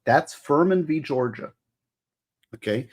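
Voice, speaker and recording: A man's voice: on the high side, lively intonation, takes it slowly, a little mellow. A middle-aged man hosting a casual livestream, rambling and emotional as he explains law. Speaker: livestream host.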